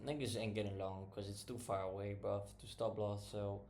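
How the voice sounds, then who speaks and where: A man's voice: on the low side, flat delivery, moderate pace, a little mellow, a little hiss or hum. A man giving casual commentary while he reviews trading charts, talking in slang and swearing a lot. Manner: slangy and profane, says "bruv" constantly.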